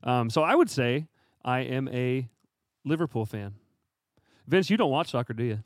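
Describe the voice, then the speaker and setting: A man co-hosting a casual podcast, chatty and quick to laugh, with lots of fillers. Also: medium pitch, lively intonation, no room sound, studio quality. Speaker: podcast co-host. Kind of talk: casual chat.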